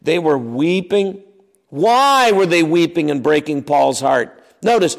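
A man's voice: fairly high pitch, very animated, takes it slowly, creaky. A man preaching an expository sermon, emphatic and often repeating his words as he acts out the scripture scenes.

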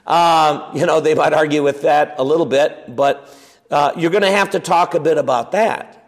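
A man's voice: on the high side, normal speed, long reverb tail. A man preaching a sermon in a conversational teaching way, asking his listeners questions and often restarting with fillers and repeated words. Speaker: pastor.

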